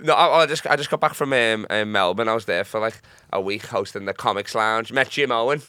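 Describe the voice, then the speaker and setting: A man's voice: fairly low pitch, fairly quick, pushed and bright, clear, resonant tone, dry recording. A young man from Liverpool with a Liverpool accent, a guest comedian in a podcast studio trading crude, boastful banter full of swearing. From Liverpool, England.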